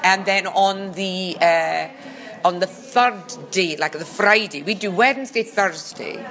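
Bright-voiced Scottish woman telling stories. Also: medium pitch, slow pace. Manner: chatty, dry teasing humour, rambling asides. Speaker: podcast guest, former children's TV presenter. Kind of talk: casual comic chat.

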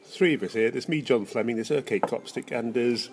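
A man's voice: medium pitch, a little fast, background noise. An older man hosting a casual podcast chat, wry and jokey, needling his co-host.

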